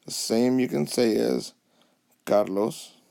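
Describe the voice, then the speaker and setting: A man's voice: mid-range voice, slow pace, vocal fry, mellow. A man teaching a Spanish lesson over a whiteboard app, patiently checking understanding with frequent "okay?" and "alrighty?". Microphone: tablet mic over whiteboard app.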